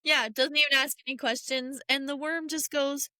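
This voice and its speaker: A woman's voice: high voice, steady tone, moderate pace, sharp tone, dry recording, studio quality. A young woman co-hosting a podcast, retelling film scenes with sassy, slangy asides. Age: young adult. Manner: sassy slangy asides, calls people girl. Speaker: podcast co-host. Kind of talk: casual film rewatch chat.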